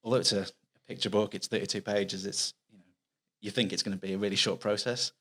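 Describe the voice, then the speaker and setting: In a casual podcast interview, a guest author—a middle-aged man with a Mancunian accent, from Manchester, England—talks quickly and earnestly. His voice is on the low side, a bit bright and steady in tone, and his chatty explanations run long with frequent restarts.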